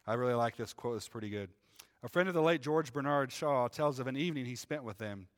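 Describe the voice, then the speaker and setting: A man's voice: mid-range voice, quick pace. Man preaching in a reverberant church. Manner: conversational preaching with frequent "right?" asides. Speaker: pastor. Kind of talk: sermon. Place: church sanctuary.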